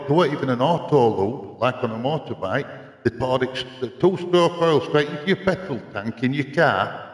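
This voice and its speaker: A man's voice: mid-range voice, echoey room, in a large hall. An older man, chatting casually on a live gaming stream, rambling into stories and answering his chat. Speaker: livestreamer. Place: home racing-sim rig room.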